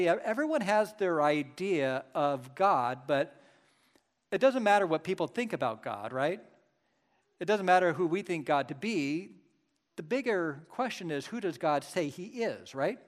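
A man delivers a sermon in a conversational tone, his voice sitting a little on the higher side. He slows down to read scripture deliberately, then drops into casual asides and rhetorical questions to his listeners. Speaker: pastor.

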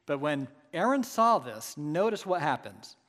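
A man's voice: a little high, very animated, a little slow, a bit bright. Preaching man in a reverberant hall. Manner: emphatic preaching, rhetorical "right?" asides. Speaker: pastor. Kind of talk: sermon.

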